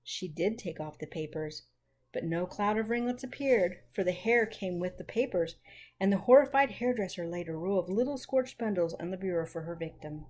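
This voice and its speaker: A woman narrating a classic children's novel as a gentle, unhurried storybook reading with mild character voices. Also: medium pitch. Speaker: audiobook narrator.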